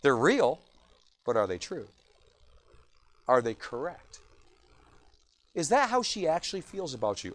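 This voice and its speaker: A man's voice: high voice, normal speed, long pauses. A man, a pastor, preaching an evening sermon and acting out churchgoers' lines in little voices. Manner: animated, acts out quoted churchgoers in voices.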